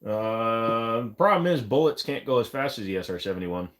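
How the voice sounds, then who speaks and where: A man's voice: medium pitch, big pitch swings, moderate pace, fairly bright tone. A man hosting a livestream, answering chat comments in a loose, rambling, joking way. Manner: rambling, joking, lots of fillers. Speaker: live stream host. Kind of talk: casual live chat reading comments.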